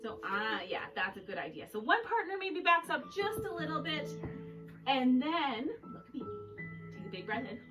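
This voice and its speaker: Playful high-voiced woman yoga teacher. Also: very animated, moderate pace. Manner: playful and encouraging, counting and making animal sounds. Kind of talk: guiding a children's yoga class. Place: yoga room. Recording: distant mic with loud music behind.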